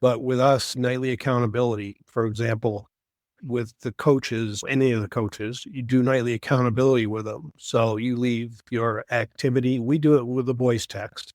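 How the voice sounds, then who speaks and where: A man's voice: medium pitch, fairly even intonation, moderate pace, darkish tone, no room sound, clean studio sound. A man co-hosting a podcast in casual chat, explaining things earnestly and telling stories from his own work. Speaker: podcast co-host.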